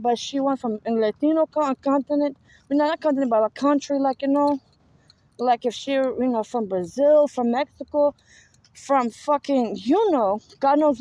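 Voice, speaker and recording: A woman's voice: high voice, darkish tone, rough recording. A woman with a New York accent talking to viewers in a rambling, profane, repetitive monologue, speaking from a car. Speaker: spiritual vlogger.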